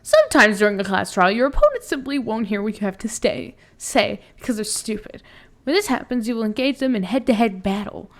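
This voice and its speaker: A woman's voice: a little high, sing-song, a little fast. A woman streaming a game live, laughing, swearing and reading the tutorial text aloud. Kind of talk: live let's play commentary.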